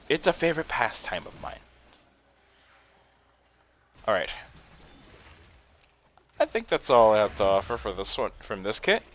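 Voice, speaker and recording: A young gaming streamer with a medium-pitched voice gives casual, excitable commentary as he plays a video game. He laughs a lot and swears now and then.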